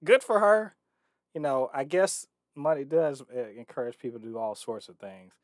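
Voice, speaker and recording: Brief: male podcast co-host, excitable and jokey, mid pitch, dry close sound. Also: normal speed, no echo. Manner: joking and excitable, swears freely. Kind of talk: casual chat.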